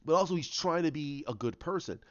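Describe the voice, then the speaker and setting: A man's voice: on the high side, expressive, fairly quick, no echo, muffled recording. Rambling man retelling a story idea. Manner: rambling, many restarts and repeated words. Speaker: online video creator.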